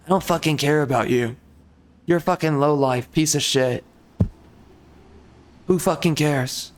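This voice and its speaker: A man's voice: on the high side, a little slow, pauses often. A young man with a profane, heated, repetitive way of talking, delivering an angry rant to the camera. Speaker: gaming YouTuber.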